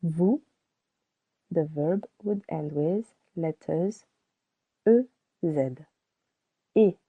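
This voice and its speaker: A woman giving a scripted language lesson, speaking slowly and deliberately and repeating each word for learners to copy. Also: deep voice, husky, no room sound. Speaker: French teacher. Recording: dry, tinny phone-like sound.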